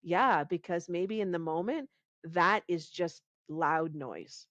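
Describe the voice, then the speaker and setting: A woman guest on a podcast interview, talking in an animated, conversational way, often laughing and restarting her sentences. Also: on the low side, takes it slowly, no echo, lo-fi sound. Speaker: podcast guest, pain reduction coach.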